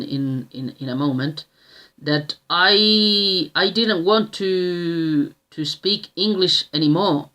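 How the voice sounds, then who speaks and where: Man in his thirties, slow and halting, lots of restarts. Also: a little high, pushed and bright. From Australia. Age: 30s. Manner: slow and halting, with many restarts and tag questions. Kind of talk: casual personal storytelling.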